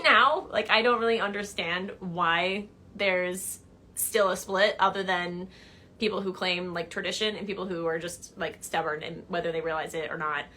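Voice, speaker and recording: A woman's voice: mid-range voice, pushed and bright, slight background noise. A woman hosting a casual livestream, answering viewer questions in a chatty way with many "like" and "um" fillers. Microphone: phone or laptop mic on a livestream.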